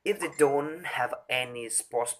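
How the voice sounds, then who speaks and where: Slow, halting man reciting a speech. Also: mid-range voice. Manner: halting, stumbling over words and restarting often. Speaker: speaker rehearsing a talk on voice.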